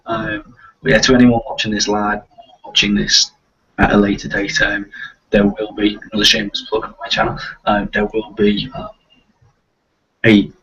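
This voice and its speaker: A man with a light Liverpool accent hosts a casual live video chat, rambling along with lots of fillers and restarts. His fairly low voice is creaky and bright, forceful with a breathy edge. The stream audio is lo-fi, muffled and distant.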